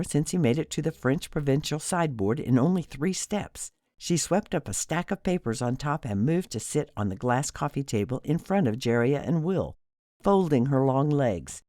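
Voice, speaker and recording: A man narrates a light novel with an expressive storytelling read. His voice sits a little high and moves freely in pitch, recorded close on a mic with a dry, roomless sound. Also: no echo. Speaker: audiobook narrator. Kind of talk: scripted narration.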